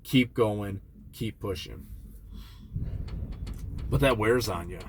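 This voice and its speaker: A man's voice: fairly low pitch, takes it slowly, slight background noise. A man in his forties speaks candidly about money and family in a rambling, reflective way, full of restarts and quoted thoughts. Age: 40s. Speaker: personal finance vlogger. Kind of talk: candid personal talk to camera.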